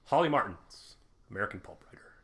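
A man's voice: fairly low pitch, very animated, fast talker, gravelly, a bit bright. A man hosting a casual podcast recapping an old film, laughing often and teasing his co-hosts. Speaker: podcast host. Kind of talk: casual movie recap chat.

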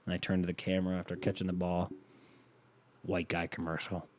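A man's voice: sits low, completely flat delivery, a little fast. A male comedian doing crude comedic riffing in a rambling, profane way.

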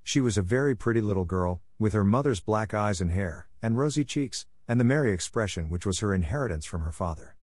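A man reading a classic novel aloud in measured, expressive scripted narration. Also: fairly low pitch, no echo. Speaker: audiobook reader.

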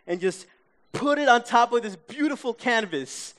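High-voiced animated New storyteller man. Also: moderate pace. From Queens, New York. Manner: animated, acts out his own reactions, often checks in with listeners. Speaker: speaker. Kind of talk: storytelling talk to a live audience.

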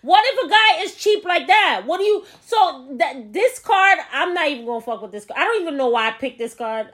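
A woman's voice: extremely high pitch, animated, fairly quick, fairly bright tone. A woman in casual chat, frank and playful, often laughing.

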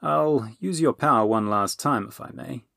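A man voicing a brisk, resourceful male wizard who gives urgent commands. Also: mid-range voice, gravelly, bright, forceful tone, dry recording, studio quality, voice pushed up.

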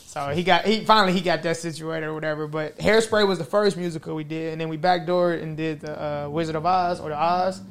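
A man telling a story in casual chat, animated and slangy, often laughing as he goes. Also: a little high, fast, few pauses.

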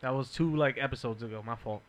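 A man's voice: mid-range voice, fast. A man co-hosting a podcast in casual chat, explaining things and laughing easily. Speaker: podcast co-host.

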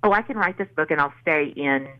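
A woman's voice: deep voice, lively intonation, a little fast, lo-fi sound. Earnest woman telling a faith story. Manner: earnest storyteller, acts out quotes. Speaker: author guest. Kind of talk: faith testimony in a podcast interview.

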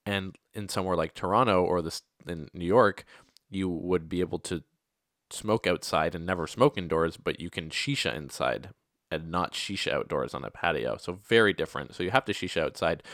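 Brief: deep-voiced man, chatty storyteller, dry close sound. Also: fairly bright tone, no room sound. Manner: rambling, self-correcting anecdote with asides. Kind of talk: casual personal storytelling.

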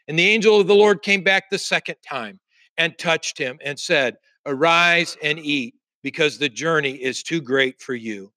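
A male pastor delivers a sermon in a bright, forceful voice that sits a little high for a man. He reads scripture aloud and presses his points with repeated refrains. The sound is dry and close, with no room echo. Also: moderate pace.

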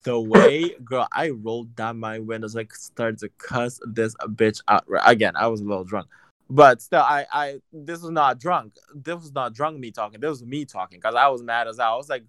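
A man in casual chat, telling a story in an animated, profane and sassy way. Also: mid-range voice, normal speed, no room sound.

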